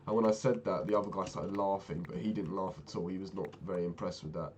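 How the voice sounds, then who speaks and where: A man's voice: low-pitched, fast, darkish tone, slight background noise. Exasperated young man telling a story. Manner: exasperated, swears freely, lots of fillers. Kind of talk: casual storytelling rant.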